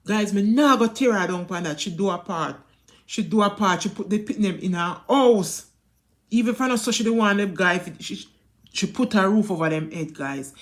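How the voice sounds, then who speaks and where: A woman with a Jamaican accent telling a family story to her viewers in a casual vlog, emphatic and repetitive, often turning to address them directly. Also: mid-range voice. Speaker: vlogger.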